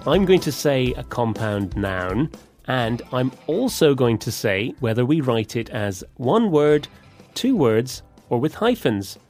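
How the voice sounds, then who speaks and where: A man co-hosting a radio lesson, explaining vocabulary slowly and clearly. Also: medium pitch, sing-song, darkish tone, soft background music. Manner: slow, clear, deliberate explanations. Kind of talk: scripted teaching presentation.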